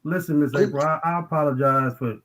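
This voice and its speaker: A man's voice: fairly high pitch, a little fast, crowd noise. A man arguing in a livestream debate, insistent and repeating his phrases over and over. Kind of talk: heated argument.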